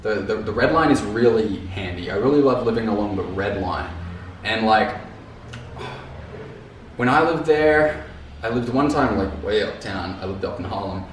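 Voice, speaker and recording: A man's voice: on the low side, expressive, normal speed, far from the mic. A man vlogging in a loose, rambling way, repeating words and dropping casual slang. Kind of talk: casual talk to camera. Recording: very echoey room, off mic, faint noise.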